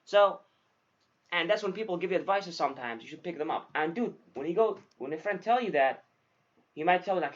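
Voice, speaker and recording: Fast-talking young man, dull lo-fi sound. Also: sits high. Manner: swears freely, says dude often, animated storytelling. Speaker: podcast host, new salesman. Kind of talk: casual chat.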